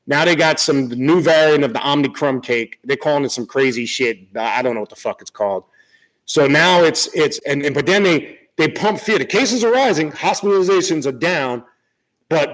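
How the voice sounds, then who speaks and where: A man's voice: medium pitch, rough recording. A man hosting his own channel, talking off the cuff in a blunt, profane, rambling way, repeating himself and asking "right?" often. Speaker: occult channel host. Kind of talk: unscripted spiritual talk.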